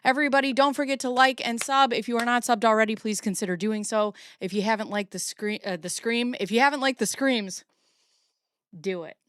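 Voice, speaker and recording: Woman streamer in her forties, casual rambling chat, smooth clear voice, dry close sound. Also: a little high, fairly quick, fairly bright tone, no echo. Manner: rambling, chatty, self-deprecating. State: a little out of breath. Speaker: streamer host.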